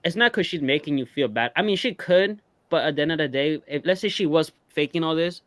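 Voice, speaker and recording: A man co-hosting a casual reality TV recap podcast, talking in a relaxed, hesitant way with many fillers. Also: on the high side, a little fast, no room sound. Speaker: podcast co-host.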